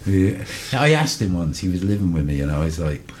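A middle-aged man, an interview guest, telling stories casually in an animated way, swearing freely and acting out what people said. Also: sits low, brisk, background noise. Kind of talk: casual storytelling.

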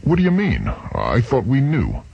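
A man's voice: lowish voice, wildly swooping pitch, normal speed, husky, no room sound, dull audio, voice pushed up, full character voice. A man doing a dry, sardonic homesick engineer. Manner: dry, growling.

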